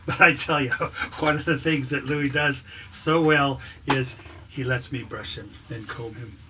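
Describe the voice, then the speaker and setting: A man showing off his dog's pretend tricks in playful deadpan patter, laughing between lines. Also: medium pitch, unhurried, noisy background. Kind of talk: playful show-and-tell to camera.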